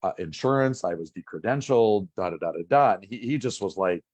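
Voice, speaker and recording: A man in his sixties from Minnesota, a pain doctor telling his story as an interview guest in a casual, animated way. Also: lowish voice, brisk, hardly any pauses, dry recording. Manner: animated, acts out past conversations.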